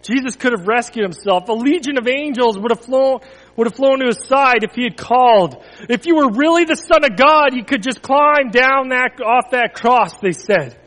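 A man, a pastor, reading a children's story to the congregation and then giving church announcements with expressive, dramatic pacing. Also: extremely high pitch. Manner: expressive storytelling, dramatic pauses, drops to near whisper. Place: church hall. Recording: long hall reverb.

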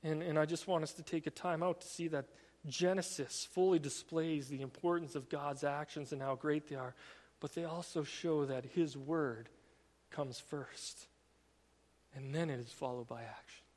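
An earnest male preacher with a high, light voice delivers a sermon, leaning hard on certain phrases by slowing right down. His words ring out with a long hall echo around them. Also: fairly even intonation, a little mellow. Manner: earnest, emphatic preaching with slowed stressed phrases and repetitions.

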